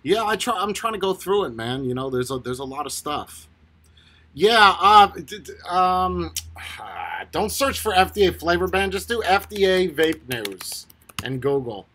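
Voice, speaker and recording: Reading and answering chat on a laid-back livestream, this male host keeps breaking into laughter and tosses in casual curses. He speaks a little slowly in a high, sing-song voice with a sharp tone.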